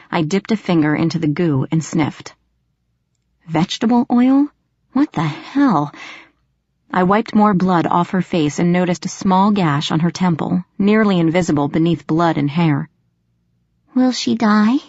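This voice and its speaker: A woman reading a first-person audiobook in a measured, tense storytelling manner, in a dull, dry lo-fi recording. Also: lowish voice, a little mellow, no echo. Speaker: audiobook narrator.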